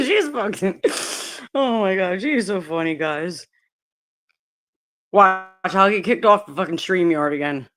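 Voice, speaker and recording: A woman's voice: medium pitch, lively intonation, a little slow, long pauses, fairly bright tone, a little hiss or hum. Laid-back woman, profane livestream chat. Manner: profane, laughs often, talks to chat and her dogs. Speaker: livestream host.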